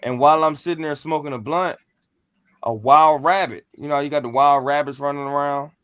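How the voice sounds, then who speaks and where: A man on a podcast casually telling a paranormal story, animated and full of slang and cursing. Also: fairly high pitch, brisk, clear, resonant tone, no echo. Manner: animated, profane, slangy, acts out what he said.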